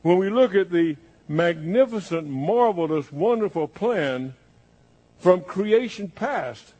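A male preacher with a high, husky voice delivers a dramatic sermon. He stacks long repeated phrases and lists, letting them build. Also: expressive, slow pace, warm tone, low-quality recording.

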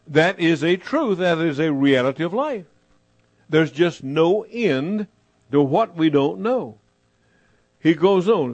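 A man preaching a sermon as pastor, emphatic, repeating his phrases and slowing down to stress them. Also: on the high side, lively intonation, a little mellow, dry recording.

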